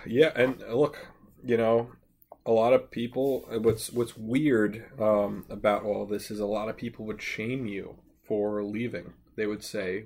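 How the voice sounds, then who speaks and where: A man's voice: lowish voice, steady tone, unhurried, darkish tone, husky. A young man co-hosting a podcast, rambling crudely in casual banter with laughing asides. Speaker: podcast co-host.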